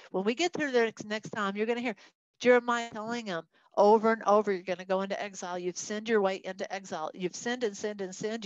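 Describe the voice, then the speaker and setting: A woman's voice: a little high, no room sound, dull audio. A woman teaching a Bible study lesson, talking to a group and acting out the voices of people she quotes. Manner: animated, acts out quoted voices.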